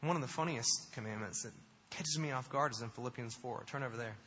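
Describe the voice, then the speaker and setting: A male pastor preaching a sermon, emphatic, building to animated repetitions. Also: mid-range voice, fast, slightly rough. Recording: dull sound in a long-reverb hall.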